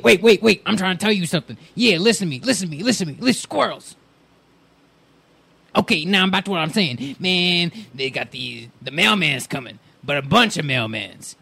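A man's voice: fairly high pitch, gravelly, fairly bright tone, slightly rough, heavily acted. A man voicing a male dog who has just learned to talk, frantic and easily distracted, repeating himself and blurting out his words.

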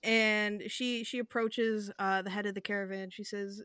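A woman's voice: mid-range voice, steady tone, normal speed, few pauses, a bit bright, smooth, no echo, studio quality. A woman narrating as game master in a tabletop game, loose and filler-heavy.

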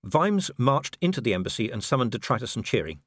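Animated male audiobook narrator. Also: mid-range voice, fast, husky, dry recording, studio quality. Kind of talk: scripted narration.

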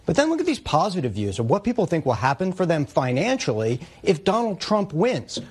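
Give me a male news analyst with a husky, somewhat high voice explaining polls. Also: wildly swooping pitch, a little fast.

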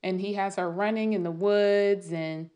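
A woman's voice: medium pitch, steady tone, a little slow, warm tone, clear, resonant tone. A woman writer rambling through a casual late-night monologue, thinking aloud with many restarts and trailing thoughts.

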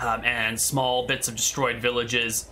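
A man's voice: medium pitch, level tone, a little slow, sharp tone, a little hiss or hum. A man narrating a tabletop game as game master, describing scenes while thinking aloud.

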